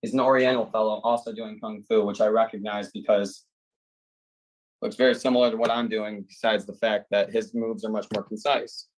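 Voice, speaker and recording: A man's voice: lowish voice, little pitch movement, brisk, no room sound, rough recording. A man speaking as a defendant over a video call, telling a long joke in a meandering, filler-heavy way. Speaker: defendant in a court hearing. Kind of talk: rambling joke storytelling.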